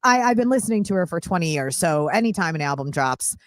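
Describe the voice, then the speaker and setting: A woman from Philadelphia with a Philadelphia accent, hosting a casual sports radio chat with quick, animated asides. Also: lowish voice, no echo, studio quality. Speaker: radio show host.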